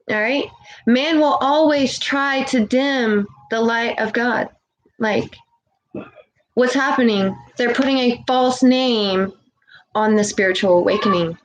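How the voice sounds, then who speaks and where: A woman's voice: on the high side, highs cut off, slight background noise. A woman giving an earnest spiritual message on a live stream, preaching and often checking in with "okay?". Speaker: spiritual livestreamer.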